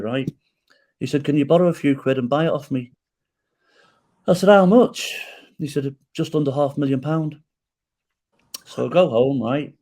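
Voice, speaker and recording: Animated middle-aged man telling a story. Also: medium pitch. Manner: animated storyteller who acts out quoted dialogue and tags lines with "right?". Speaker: podcast guest. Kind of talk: storytelling in a podcast interview.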